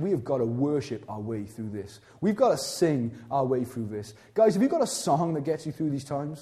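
A young pastor with a high-pitched yet mellow voice preaches a sermon, speaking to the congregation as if they were friends. Animated and conversational, he jumps between jokes and earnest appeals, adding asides and stumbling over repeated words.

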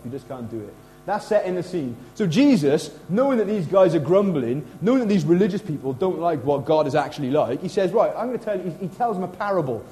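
A middle-aged man preaches in a chatty, animated way, often acting out quotes. His voice sits fairly high for a man but sounds mellow and soft-edged. A faint mains hum runs behind him. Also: low-quality recording. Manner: casual, animated preaching with lively acted quotes. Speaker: pastor. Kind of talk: sermon.

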